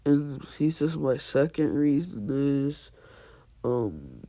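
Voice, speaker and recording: A man's voice: mid-range voice, animated, slow pace, mellow. A man casually retelling a fan story, rambling and hesitant, stringing events together with "and so then.".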